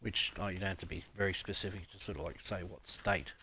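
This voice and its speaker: A man's voice: sits low, fairly even intonation, fast, pushed and bright, a little hiss or hum. An Australian man chatting casually on a live stream, rambling, laughing often and swearing freely.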